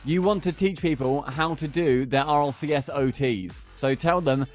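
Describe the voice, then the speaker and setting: A man's voice: a little high, moderate pace, faint music behind. A young man co-hosting an esports show, teasing and joking through casual banter. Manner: teasing, jokey, puts on silly voices in anecdotes. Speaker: esports co-caster. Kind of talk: casual banter between matches.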